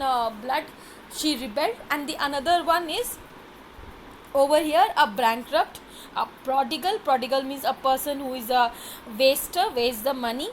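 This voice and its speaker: A woman tutor talks through a play line by line, filling pauses with frequent fillers. Her voice sits high. A faint hiss runs under the recording. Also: poor audio. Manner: many fillers, reads quotes aloud, then paraphrases.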